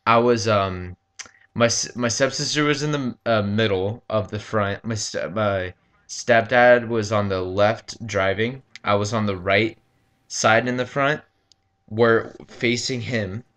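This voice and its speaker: Guy, slightly low voice, halting casual storyteller who says um constantly and swears loosely. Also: fairly bright tone. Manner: rambling, halting, full of ums and likes. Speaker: gaming commentator. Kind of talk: casual storytelling over gameplay.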